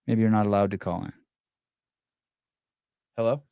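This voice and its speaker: A man's voice: fairly low pitch, fairly even intonation, moderate pace, warm tone, smooth, no echo, clean studio sound. Profane, rambling male podcast host. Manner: profane, rambling, many restarts. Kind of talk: casual live-stream chat taking calls.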